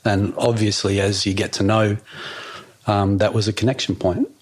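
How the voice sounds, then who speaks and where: A man's voice: lowish voice, steady tone, moderate pace. A man, a podcast guest chatting casually and rambling with fillers and restarts. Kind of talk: casual outdoor conversation.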